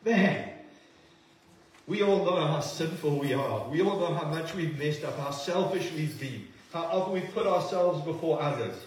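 A man preaching a sermon, shifting between forceful declarations and hushed, earnest moments. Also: fairly high pitch, expressive, moderate pace, a little hiss or hum. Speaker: pastor. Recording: echoey hall recording from a distance.

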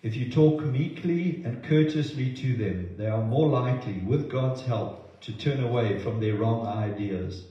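A man preaching a sermon in an earnest way, often repeating words as he goes and acting out quotes with lively voices. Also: medium pitch, unhurried, hardly any pauses. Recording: very echoey, slightly dull sound.

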